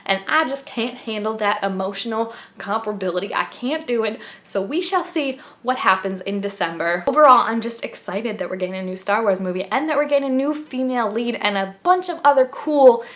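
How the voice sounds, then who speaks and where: A young woman vlogging a casual reaction, chatty and gushing, with many fillers and quick laughs. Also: fairly high pitch, expressive, fairly bright tone. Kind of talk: casual trailer reaction vlog.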